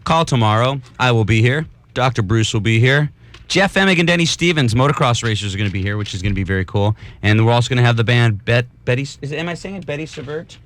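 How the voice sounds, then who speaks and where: A man hosting a late-night radio call-in show, joking and teasing callers in a rapid-fire manner. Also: mid-range voice, animated, a bit bright. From New York. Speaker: radio host.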